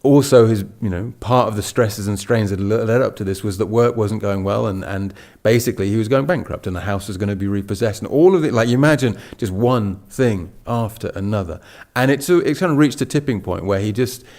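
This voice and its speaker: A man giving a relaxed Buddhist talk, telling a story with many restarts. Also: on the low side, fairly quick. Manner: storytelling with restarts and acted quotes. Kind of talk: casual spoken dharma talk.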